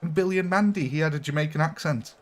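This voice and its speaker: A man's voice: a little high, fast talker. A man chatting casually on a live gaming stream, laughing often and answering chat.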